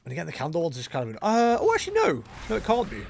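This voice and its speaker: A man's voice: a little high, very animated, racing, creaky, darkish tone. A man chatting casually as he streams a video game, joking at his own expense. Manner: chatty, self-mocking, jokey asides. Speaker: gaming livestreamer. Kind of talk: casual live commentary while playing.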